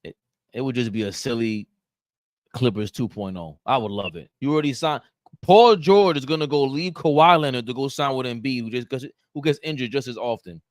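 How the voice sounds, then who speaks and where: Animated man ranting on a live stream. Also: mid-range voice, a little fast, no room sound, studio quality. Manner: animated, ranting, bantering with the chat. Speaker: show host reading live chat comments. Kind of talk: casual live-stream sports talk.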